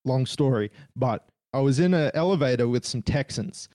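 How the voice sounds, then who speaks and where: A man's voice: mid-range voice, lively intonation, normal speed, mellow. A man with an Australian accent, a podcast guest telling stories in a laid-back, sweary way. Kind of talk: casual podcast talk.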